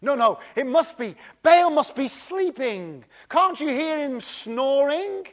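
A sneering, teasing prophet, as a preacher puts him on, taunting his rivals with exaggerated sarcasm. The voice sits high for a man and rides up even higher in the jibes. It comes at an unhurried pace for all its mockery. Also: full character voice. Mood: mocking. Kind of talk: dramatized sermon retelling.

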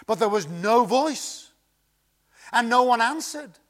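A man preaching a sermon and reading scripture, swinging dramatically between loud emphasis and hushed tones. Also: extremely high pitch, expressive, takes it slowly.

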